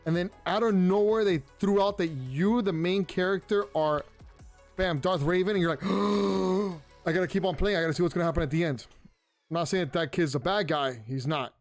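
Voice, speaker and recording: High-voiced rambling man hosting a podcast. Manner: rambling, restarts often, excitable asides. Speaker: podcast host. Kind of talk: casual review chat. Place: home room.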